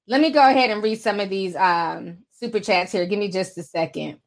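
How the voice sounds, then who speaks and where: A woman's voice: mid-range voice, brisk. A woman hosting a casual livestream of gossip commentary, sassy and slangy, often laughing as she talks.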